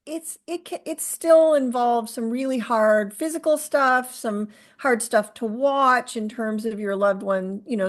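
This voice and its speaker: A middle-aged woman speaking as a guest in an interview, earnest and halting, with frequent fillers and restarts. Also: a little high, dry recording. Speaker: guest, author and caregiver. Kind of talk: conversational interview.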